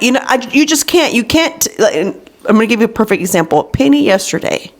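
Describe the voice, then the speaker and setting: A woman's voice: fairly high pitch, sing-song, fast talker. A woman in her thirties hosting a podcast, telling candid stories in casual chat and acting out the people she quotes. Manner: candid storytelling, acts out quotes. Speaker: podcast host.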